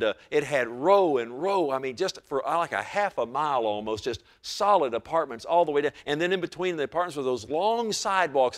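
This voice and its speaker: An older man preaching a sermon as a pastor, moving between quiet, low-voiced intensity and loud, emphatic stretches, telling folksy stories with repeated words.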